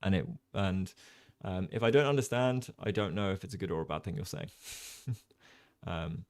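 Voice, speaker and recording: Brief: relaxed, low-voiced man hosting a casual chess livestream, lots of ums, dry close sound. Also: normal speed, no echo. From Jersey. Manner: relaxed, chatty, many ums, reads chat aloud. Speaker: chess streamer and commentator.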